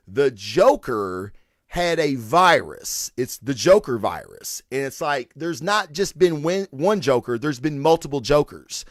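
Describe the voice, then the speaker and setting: A man hosting a comic book show, chatting casually in an excitable, rambling way with plenty of swearing and filler words. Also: mid-range voice, no echo, studio quality. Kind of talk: casual solo review chat.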